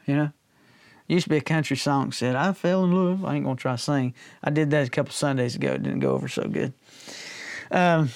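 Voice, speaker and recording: Speaking a little high with some vocal fry, a male pastor delivers a relaxed sermon full of jokes, often asking his listeners "all right?" It's a dry, studio-quality recording.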